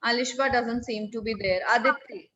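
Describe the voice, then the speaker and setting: A woman's voice: on the high side, moderate pace, fairly bright tone, lo-fi sound. A woman teaching a French class over a video call, calling on students by name and repeating their answers.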